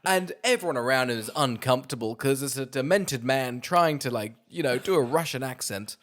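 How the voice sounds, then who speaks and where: A man's voice: medium pitch, expressive, fairly quick. A man co-hosting a podcast in casual chat, sarcastic, swearing and acting out quotes. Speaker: podcast co-host.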